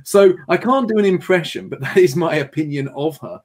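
A man hosting a livestream panel chat, reading viewer messages aloud with animated energy and frequent laughter. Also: fairly high pitch, brisk. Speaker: host.

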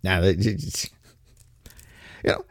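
A man's voice: sits low, expressive, slow pace, no echo, studio quality. A man in his fifties delivering a blunt, opinionated monologue, ranting and swearing casually. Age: 50s.

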